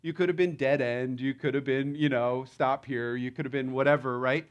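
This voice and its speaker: A man's voice: mid-range voice, fairly even intonation, normal speed. A man preaching a sermon in a conversational, playful way, often acting out the lines he quotes. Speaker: pastor.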